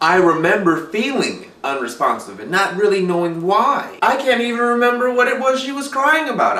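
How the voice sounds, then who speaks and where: A man's voice: a little high, bright, forceful tone, distant mic. A man from Texas giving a blunt, profane, darkly joking confessional monologue to the camera. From Texas, USA. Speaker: vlogger. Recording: roomy echo, away from mic.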